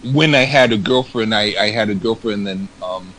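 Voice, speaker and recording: A man co-hosting a podcast, talking casually in a halting, rambling way and repeating words. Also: on the low side, fairly bright tone, a little hiss or hum, poor audio. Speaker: podcast co-host. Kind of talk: casual chat.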